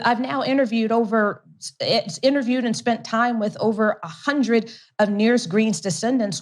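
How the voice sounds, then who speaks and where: Animated woman telling a story. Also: on the high side. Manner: animated storyteller who laughs often and repeats words for emphasis. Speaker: guest, company CEO. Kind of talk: conversational storytelling interview.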